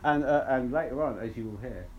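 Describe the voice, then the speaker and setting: Man, podcast co-host, casual rambling chat, frequent restarts, mid pitch. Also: a little fast, lo-fi sound, slight background noise. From Luton, England. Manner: rambling, sweary, with many restarts.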